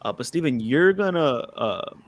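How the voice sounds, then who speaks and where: A young man hosting a podcast in casual chat, animated, saying "bro" and "yo" a lot. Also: a little high, normal speed. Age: young adult. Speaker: podcast host.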